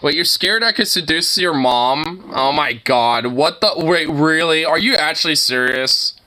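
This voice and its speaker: A man's voice: fairly high pitch, measured pace, bright, forceful tone. A young man casually reacting to videos, rambling, laughing and swearing freely as he watches.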